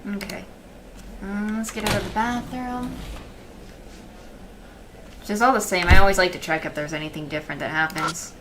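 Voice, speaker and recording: Speaking at a normal speed in a steady, medium-pitched voice with long pauses, a let's play streamer talks casually through her game. She thinks aloud, reads the on-screen text, and murmurs softly while exploring, over noisy game music.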